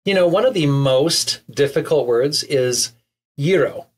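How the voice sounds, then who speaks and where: A man co-hosting a podcast, joking easily in relaxed, wry banter with a husky voice. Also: a little high, a little slow. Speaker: podcast co-host. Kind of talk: casual chat.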